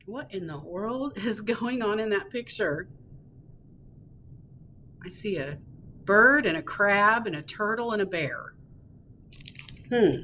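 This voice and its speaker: A woman's voice: mid-range voice, expressive, slow pace, long pauses, pushed and bright, dull audio, a little hiss or hum. A woman librarian reading a picture book aloud to young children at a storytime, in a playful, engaging way.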